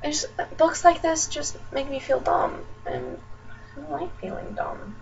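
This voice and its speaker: High-voiced young woman ranting about books. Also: measured pace, creaky, soft background music. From Nebraska, USA. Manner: chatty, ranting, lots of fillers. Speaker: book vlogger. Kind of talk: casual chat. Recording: distant dull webcam audio with faint noise.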